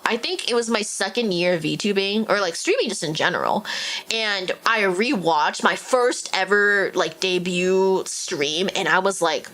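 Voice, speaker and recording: A woman's voice: medium pitch, moderate pace. A young woman with a Valley Girl accent, chatting casually as a live-streaming VTuber and peppering her talk with "like". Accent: Valley Girl Californian. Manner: chatty, heavy use of "like", animated.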